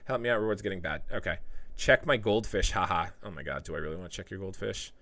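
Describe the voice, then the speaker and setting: A man's voice: low-pitched, fast talker, fairly bright tone, dry recording. A young man hosting a casual livestream, reading out viewer comments and joking with his chat. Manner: joking, loose, talks to chat by name. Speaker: livestream host.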